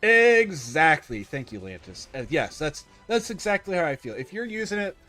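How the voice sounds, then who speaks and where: A man's voice: on the high side, big pitch swings, brisk, fairly bright tone, faint music behind. A man streaming a game live, chatting casually with viewers, rambling and correcting himself as he goes. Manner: rambling, self-correcting, opinionated. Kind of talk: casual livestream chat.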